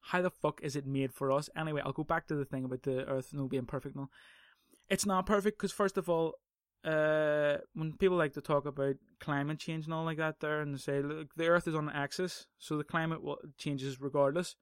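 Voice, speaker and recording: A man holds forth in a casual podcast monologue, cursing freely and pressing his points hard before wandering off on another tangent. His voice sits a little high and comes through smooth and clear. The sound is dry, with almost no room around it. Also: fairly bright tone, no echo. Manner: profane, ranting, goes off on tangents; heated and emphatic. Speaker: podcast host.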